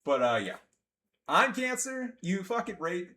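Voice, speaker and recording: A young man giving sarcastic, ranting gameplay commentary, jumping from yelling outbursts to low mumbling. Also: sing-song, unhurried.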